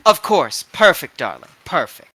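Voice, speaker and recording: Guy doing a snooty stylish fashion lady, drawly, bright voice. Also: a little high, very animated, moderate pace, husky, no room sound, pitched above the performer's own voice, full character voice. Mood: haughty. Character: sleek stylish woman fashion dealer, appraising.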